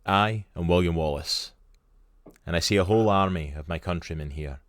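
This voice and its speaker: A man with a Scottish accent reading a medieval rebel leader's battle speech aloud, loud, slow and declaiming. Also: sits low, dry recording, clean studio sound, lightly acted. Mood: rousing.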